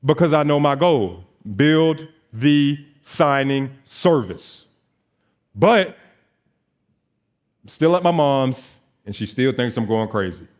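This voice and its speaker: This man in his twenties, a notary business owner, speaks at a slow pace with medium pitch. Delivering a motivational talk on stage, he tells his story animatedly and acts out lines of dialogue.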